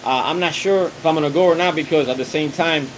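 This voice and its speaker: A man in a loose, friendly live-stream chat, rambling along with plenty of restarts and "um"s as he answers viewers. His voice sits a little higher than most men's. A faint hiss of background noise runs under him. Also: fast talker, poor audio. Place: outdoors on a windy day.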